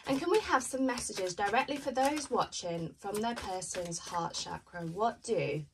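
A woman giving a pick-a-card tarot reading, chatting in a gently reassuring way. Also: mid-range voice, expressive, normal speed, recorded from a distance, a little hiss or hum, low-quality recording. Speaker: tarot reader.

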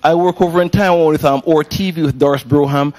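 A man's voice: on the high side, fairly even intonation, fast. Jamaican man, laughing gospel pianist guest. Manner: warm-hearted, laughs often, exclamatory. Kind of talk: casual faith interview.

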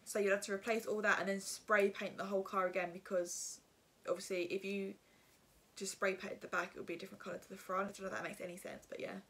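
A woman's voice: mid-range voice, level tone, fast, fairly bright tone. A young woman tells a casual storytime to her viewers, rambling with lots of fillers. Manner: rambling, filler-heavy, chatty. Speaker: vlogger.

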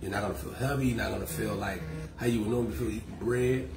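A man's voice: lowish voice, fairly even intonation, fast talker, vocal fry, over music. A man hosting a casual family cooking livestream, explaining a recipe in an easygoing, chatty way from a home kitchen. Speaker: cooking show host. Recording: echoey room with background noise.

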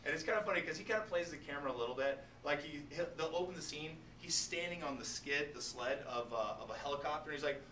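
Animated male teacher in an echoey classroom. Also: fairly high pitch, fast, few pauses. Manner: animated, joking, talks straight to students. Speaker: biology teacher. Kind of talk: classroom lecture. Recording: echoey classroom, distant mic, noisy.

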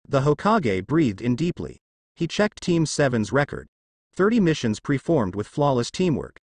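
A man narrating a fan story aloud in a steady storytelling manner, close to the mic. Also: medium pitch, no echo.

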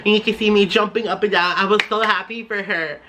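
A young man from the San Francisco Bay Area telling a storytime vlog, gushing and excitable, with lots of "like" fillers. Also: high voice, fast, noisy background. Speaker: vlogger.

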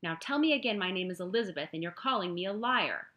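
A woman reading an audiobook, voicing a stubborn street girl who argues loudly and indignantly. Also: lowish voice, lively intonation, normal speed. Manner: indignant, raised voice.

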